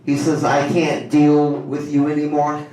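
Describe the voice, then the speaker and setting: A man doing stand-up at an open mic in a small cafe, telling corny one-liners in a casual, halting way. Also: a little high, level tone, over a noisy crowd. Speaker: stand-up comedian. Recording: very echoey room, distant mic.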